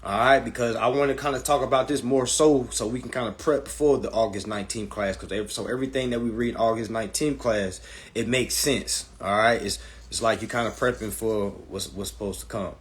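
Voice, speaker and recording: A man in the middle of a casual live stream, talking to his chat in a blunt and profane way. His voice sits at an ordinary pitch, and he rants at the viewers as he goes, recorded on a phone. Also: steady tone, fairly quick. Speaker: live-stream host teaching a class.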